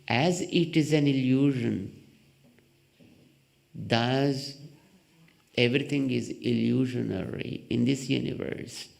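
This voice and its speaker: A man gives a slow, deliberate spiritual discourse in a temple hall, at a middling pitch with a gravelly texture. He explains ideas through everyday examples and rhetorical questions. He jumps into a high voice whenever he acts out a quoted line. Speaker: spiritual teacher.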